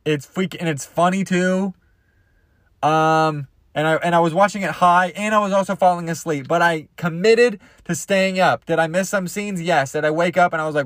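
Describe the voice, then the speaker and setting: A man's voice: a little high, moderate pace, no echo, studio quality. A young man hosting a podcast, rambling through crude, goofy comedy bits and jumping into silly voices. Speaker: podcast host.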